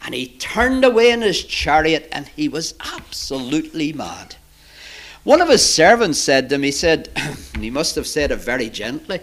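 Animated man telling a children's Bible story. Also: on the high side, moderate pace.

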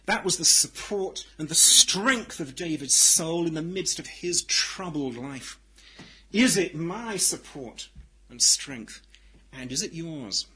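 A man preaching a sermon in a deliberate, emphatic way, swinging from loud declarations to hushed, quiet lines. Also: on the high side, lively intonation, husky, poor audio.

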